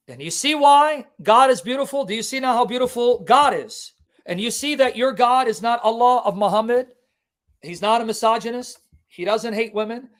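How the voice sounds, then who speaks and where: A man's voice: very high voice, fairly bright tone. A man preaching in a livestream Bible teaching, impassioned and emphatic, firing rhetorical questions at his listeners. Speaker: Christian preacher and apologist.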